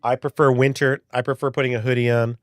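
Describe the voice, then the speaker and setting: A man of about forty-two hosting a live stream talks fast in a mid-range, level voice with no echo. He chats casually and wanders from topic to topic, reading chat messages aloud and occasionally swearing.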